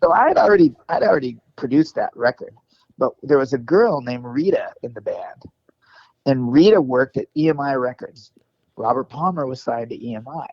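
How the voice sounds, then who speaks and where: A male musician telling stories in an interview, animated and profane, rambling with restarts, on a dull lo-fi recording. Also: medium pitch, normal speed, no room sound. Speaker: guest musician and producer. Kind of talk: casual storytelling interview. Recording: dull lo-fi dry sound.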